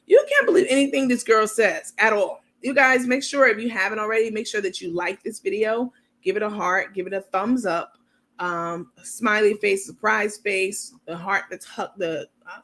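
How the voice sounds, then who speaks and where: The voice is a woman's, medium in pitch and a little bright, moving at a normal speed. She's a university-educated adult from New York hosting a chatty, meandering commentary show, reading viewer comments aloud in a casual livestream manner.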